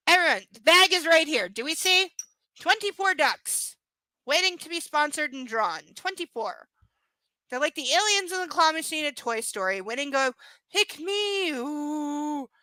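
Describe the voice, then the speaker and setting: A woman with a high, bright, sharp voice reads a book live and breaks off into sarcastic, swear-filled rants. Her exasperation carries through everything she says. The sound is dry and close. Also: no echo, rough recording. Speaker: livestream book reader. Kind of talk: live reading with ranting commentary.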